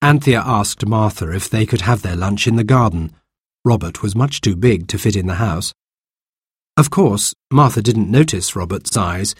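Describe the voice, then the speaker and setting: A man reads a children's story aloud with a lively, expressive lilt. His voice has a husky edge. The recording is dry and close. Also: lowish voice, moderate pace, no echo. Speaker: narrator.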